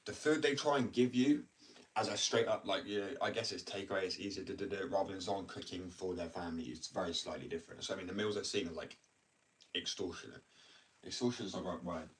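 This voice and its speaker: A young British man with a low, deep voice rambles through a casual chat, mocking himself and cursing offhand. He sits a bit away from the mic, with a faint hiss of background noise under his voice. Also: fairly even intonation, quick pace, far from the mic. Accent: British English. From United Kingdom. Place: at home, indoors.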